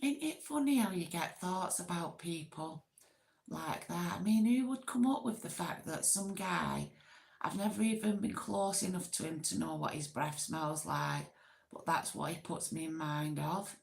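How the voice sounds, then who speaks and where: Lady rambling to her stream chat, slow and gravelly, giggly. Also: on the low side, darkish tone. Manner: chatty, giggly, rambling, self-deprecating. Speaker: livestream host. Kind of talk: casual chat with viewers.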